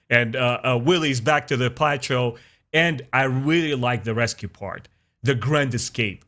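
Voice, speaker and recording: A man hosting a casual review vlog, talking enthusiastically and conversationally, acting out characters' lines as he retells scenes. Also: a bit bright. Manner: conversational with frequent fillers and "boom". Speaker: show reviewer and channel host.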